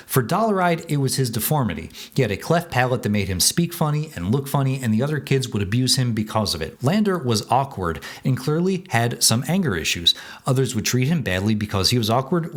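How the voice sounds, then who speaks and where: A man reviewing and comparing a novel and its film adaptation in a casual, matter-of-fact way. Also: mid-range voice. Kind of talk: scripted video commentary.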